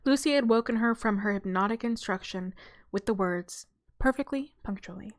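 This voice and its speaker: A woman hosting her channel, reading a children's novel aloud in a relaxed, casual way with small stumbles and self-corrections. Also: medium pitch, normal speed. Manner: breaks off for a light aside and a laugh.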